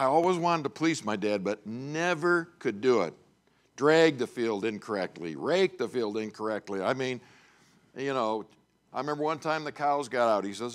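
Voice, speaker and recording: Casting note: middle-aged man preaching in chapel, conversational storyteller, mid-pitched voice, folksy asides. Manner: conversational storytelling with frequent "you know" and "okay?". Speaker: chapel speaker. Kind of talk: sermon.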